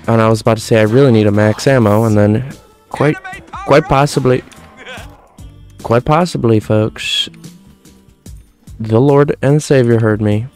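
A man's voice: medium pitch, darkish tone. A man in his twenties giving casual, jokey gameplay commentary, tossing in "folks" and "quite frankly" as he rambles. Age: 20s. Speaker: gaming commentator.

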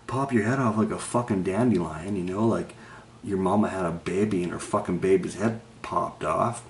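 Deep-voiced man rambling profanely. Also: moderate pace, slight background noise. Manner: profane, rambling, laughs often. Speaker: vlogger. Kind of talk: rambling personal monologue.

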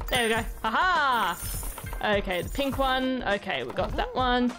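Woman gamer chatting thru a let's play, lively bouncy voice, kinda high, talks to the characters. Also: normal speed, over music. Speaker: gaming channel host.

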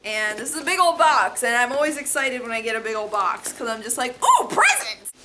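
A woman vlogging casually to camera while opening fan mail, bubbly and excitable, squealing over gifts. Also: on the high side, quick pace, heavy background noise. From United States.

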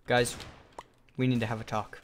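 A young man giving live commentary over his own video game match, in a sarcastic and excitable play-by-play manner. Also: mid-range voice, normal speed, very noisy. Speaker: gaming YouTuber.

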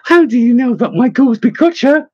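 A man's voice: extremely high pitch, lively intonation, brisk, mellow, husky, no room sound, muffled recording, pitched above the performer's own voice, full character voice. A man voicing a curious, direct young woman scholar in a storybook, in a raised, eager voice.

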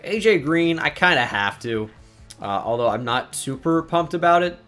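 A man's voice: fairly high pitch, animated, normal speed, a bit bright, soft background music. A young man giving casual commentary over a sports video game, blunt and exasperated, swearing freely. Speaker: gaming YouTuber.

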